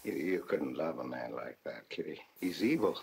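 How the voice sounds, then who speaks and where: An actor playing a timid, lovesick middle-aged man in a 1940s film, speaking softly and pleading. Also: very deep voice, expressive, moderate pace, vocal fry, breathy edge, exaggerated voice. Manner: soft, pleading.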